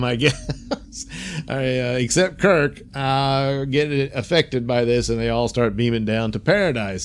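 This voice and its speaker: Male host, relaxed recap talk, filler-heavy, giggly, average pitch. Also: clean tone. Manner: chatty, laughs often, many fillers, quick voice impressions. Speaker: reviewer, host. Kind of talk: casual episode review.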